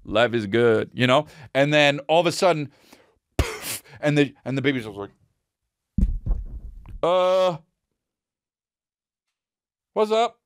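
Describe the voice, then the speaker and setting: A man hosting a podcast, telling a comic story in an animated, rambling, profane way. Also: medium pitch, normal speed, clear, resonant tone, dry recording. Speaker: podcast host.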